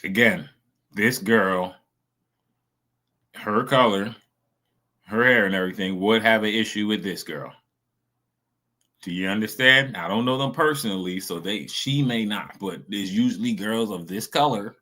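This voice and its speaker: A man's voice: fairly low pitch, a little slow, long pauses, pushed and bright. A man streaming casual reaction commentary, rambling in loose slang with lots of fillers.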